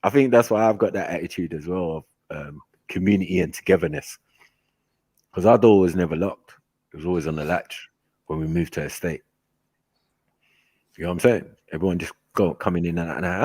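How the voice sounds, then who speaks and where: A man telling stories in a casual chat, animated and slangy, laughing often. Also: low voice, slightly rough, no room sound. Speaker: host.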